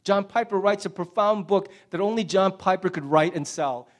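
A middle-aged male pastor preaching a sermon with passion, swinging from loud emphasis to hushed near-whispers. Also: high-pitched, moderate pace.

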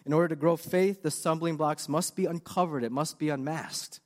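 A man's voice: fairly high pitch, moderate pace, a little mellow, long reverb tail. A man preaching a sermon with earnest, confessional questions. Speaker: pastor.

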